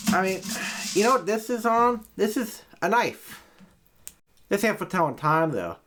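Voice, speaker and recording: Here a man in a high, fairly bright, sing-song voice rants unhurriedly for a comedy video, swearing frequently. He sounds exasperated, wandering off and restarting his thoughts over and over.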